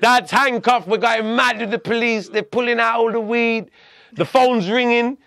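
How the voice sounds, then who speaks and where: A man, telling a story as a podcast guest in a lively, profane way. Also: very high voice, normal speed. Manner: animated, profane, laughing storyteller. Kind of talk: storytelling in conversation.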